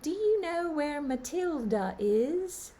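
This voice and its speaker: Woman doing a tiny little girl voice, super high and chirpy, curious, not scared at all. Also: very animated, takes it slowly, a little hiss or hum, exaggerated voice. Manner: squeaky, bright and chirpy.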